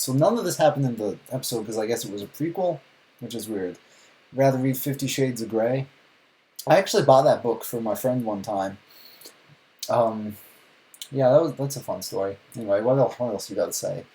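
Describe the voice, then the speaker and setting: Mellow-voiced man in sarcastic rambling commentary. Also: lowish voice, lively intonation, a little fast, rough recording. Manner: rambling, sarcastic, with frequent restarts. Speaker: streamer reacting to videos. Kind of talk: casual live reaction commentary.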